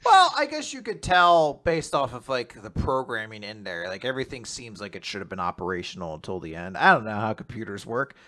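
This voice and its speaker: A young adult man co-hosting a casual manga recap podcast, animated and laughing often as he acts out scenes. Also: on the low side, fairly quick, hardly any pauses. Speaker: podcast co-host.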